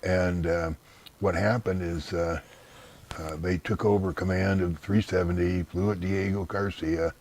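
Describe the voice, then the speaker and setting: A man's voice: deep voice, steady tone, a little slow, a little mellow. A man being interviewed in casual conversation, blunt and dismissive, giving long rambling explanations. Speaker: interview guest.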